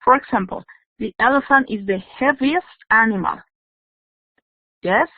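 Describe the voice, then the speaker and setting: A woman's voice: on the high side, measured pace, no echo. A woman teaching English grammar in an online class, explaining patiently and checking in with "yes?". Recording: dry, tinny phone-like audio.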